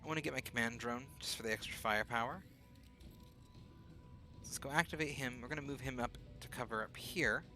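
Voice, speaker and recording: A man's voice: medium pitch, brisk, long pauses, bright, forceful tone, faint music behind. A man streaming a video game late at night, casually thinking aloud about his moves. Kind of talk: casual gameplay commentary.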